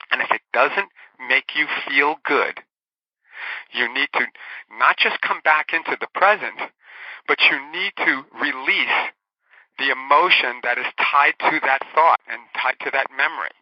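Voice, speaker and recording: A man's voice: mid-range voice, no room sound. A man, an author and guest, talking earnestly in a casual interview, explaining ideas and telling a story. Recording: dull dry lo-fi audio.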